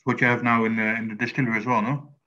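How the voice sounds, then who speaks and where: A man's voice: medium pitch, flat delivery, rapid-fire, bright, forceful tone. A man with a Dutch accent hosts a virtual tasting over a video call, talking hesitantly with many fillers. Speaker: host. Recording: dull lo-fi video call audio.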